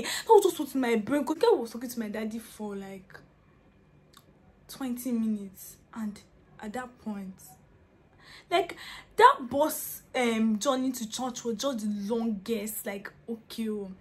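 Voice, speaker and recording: A woman's voice: on the high side, animated, measured pace, breathy edge. A young woman tells a funny personal story in a casual vlog, laughing often and dropping into whispers. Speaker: vlogger.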